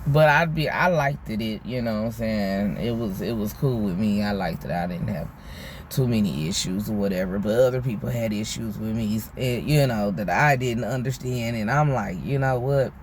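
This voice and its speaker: A man's voice: fairly low pitch, moderate pace, a little hiss or hum. A man vlogging a casual storytime monologue, rambling and candid, full of slang, swearing and "you know what I'm saying". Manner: profane, candid.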